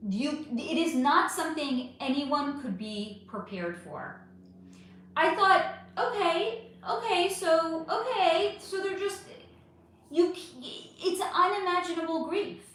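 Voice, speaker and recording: Woman, livestream host, casual Q&A, emphatic, swooping lively pitch, very echoey room. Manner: animated, emphatic, talks straight to viewers. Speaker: livestream host reading viewer questions.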